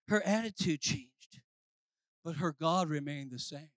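A preacher delivering a sermon, swinging between shouted declarations and low, quiet lines, calling out to the congregation. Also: a little slow, no room sound. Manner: calls out to the congregation.

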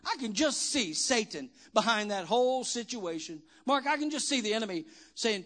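Brief: male pastor, high voice, rising from quiet to shouted praise. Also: animated, moderate pace. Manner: preaching with call-and-response questions, swinging from quiet to shouting. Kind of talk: sermon. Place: church.

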